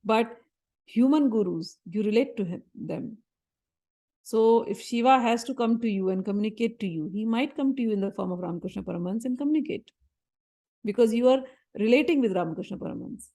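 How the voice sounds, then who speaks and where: A woman, a spiritual teacher, giving a spiritual talk in an animated storytelling manner and repeating phrases for emphasis. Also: a little high, fairly quick.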